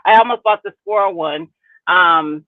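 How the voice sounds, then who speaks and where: A woman talking frankly and emphatically in a relaxed chat. Her voice comes through dry and narrow, like a phone line, with no room sound around it. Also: fairly low pitch, moderate pace, no room sound. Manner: frank, emphatic, laughs easily. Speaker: co-host of a gardening live stream. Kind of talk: casual chat. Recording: dry, tinny phone-like call audio.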